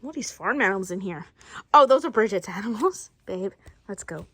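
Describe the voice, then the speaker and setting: A woman's voice: medium pitch, animated, brisk, sharp tone, husky, no room sound. A woman telling a playful family story, switching between many character voices. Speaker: storyteller voicing a family skit. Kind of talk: playful family role-play.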